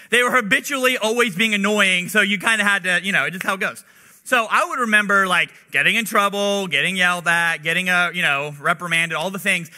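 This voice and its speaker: A young man gives a laid-back sermon, chatting like a friend rather than a pulpit orator. His voice sits high and sounds very bright and forceful. He peppers his talk with "like" and personal stories. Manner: chatty, relatable, heavy use of "like". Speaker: preacher. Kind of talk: casual conversational sermon.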